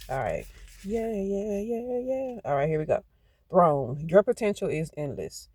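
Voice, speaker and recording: A man's voice: high voice, expressive, a little slow, background noise. A man giving a channeled tarot card reading, emphatic and prone to getting hyped, then talking himself back down. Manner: emphatic, gets hyped, talks to self.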